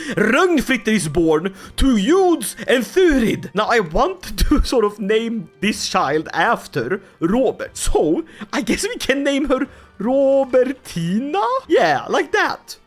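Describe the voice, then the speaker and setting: A man giving joking, excitable commentary on a strategy game, often laughing. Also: high-pitched. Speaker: gaming YouTuber. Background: faint music.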